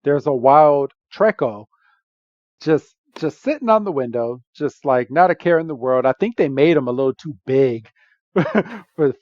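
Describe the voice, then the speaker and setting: A man's voice: fairly high pitch, lively intonation, unhurried, a little mellow, no room sound. Chatty man recapping a movie. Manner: chatty, laughs often, acts out quotes. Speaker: podcast co-host. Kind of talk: casual movie recap chat. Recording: dull lo-fi podcast audio.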